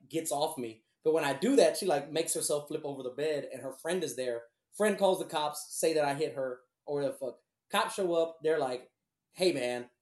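A man's voice: on the high side, a little mellow. A man telling a long personal story in a blunt, profane, rambling way. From Houston, Texas. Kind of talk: casual storytelling. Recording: echoey room.

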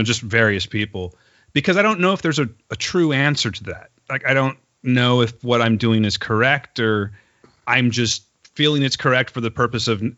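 A man tells a story in casual podcast chat, and he is animated, profane and quick to laugh. His voice sits in a middle register. The room sounds dry and the recording is slightly dull. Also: mid-range voice, no room sound.

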